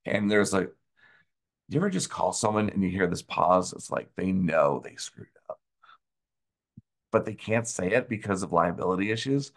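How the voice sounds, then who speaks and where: A man's voice: low voice, lively intonation, moderate pace, gravelly, long pauses. A man hosting a video, explaining a tax audit problem in an angry, sarcastic rant and repeating phrases for emphasis. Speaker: tax consultant host.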